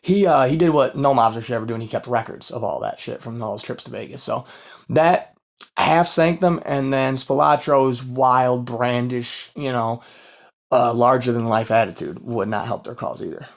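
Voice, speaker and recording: A man's voice: mid-range voice, normal speed, creaky. A man hosting a casual true-crime podcast, rambling and swearing between fillers, tired from a long work week. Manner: rambling and profane, full of fillers and laughs. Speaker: podcast host.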